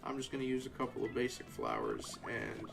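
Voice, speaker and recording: A young man casually commenting on a live game playthrough, shifting from quiet narration into animated, sarcastic rants. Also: mid-range voice, a little fast, creaky, soft background music. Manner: ranting, sarcastic, animated asides. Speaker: game streamer.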